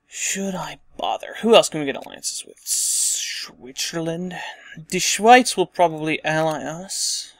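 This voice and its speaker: A man's voice: on the high side, expressive, unhurried, fairly bright tone, no room sound. A man casually commenting on a strategy game as he plays, thinking aloud and muttering asides to himself. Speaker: let's play host.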